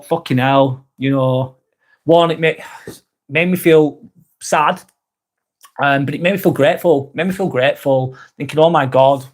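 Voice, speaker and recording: A man hosting a live vlog, talking frankly and earnestly, swearing often and restarting his sentences. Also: on the high side. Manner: earnest and sympathetic. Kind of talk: casual live-stream chat.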